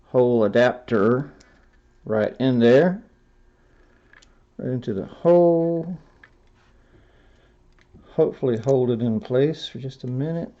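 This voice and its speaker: A man walks through a robot build step by step in a slow, mellow voice, chatting to himself and correcting his course as he goes. The recording sounds dull and lo-fi, with little top end. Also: mid-range voice, creaky. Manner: folksy, self-talking, stops and corrects himself. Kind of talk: hands-on build tutorial narration.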